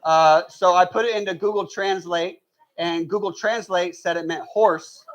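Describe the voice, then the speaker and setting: A man doing a stand-up comedy set, telling stories in a deadpan way and slipping into mock voices. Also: sits high, moderate pace, lo-fi sound, slight background noise. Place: live event hall with audience.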